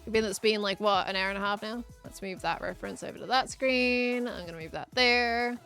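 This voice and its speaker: A young Australian woman chats casually on a live game stream, reading and answering chat while she builds and laughing quickly. Her voice is medium-pitched with a fairly bright tone, over soft background music.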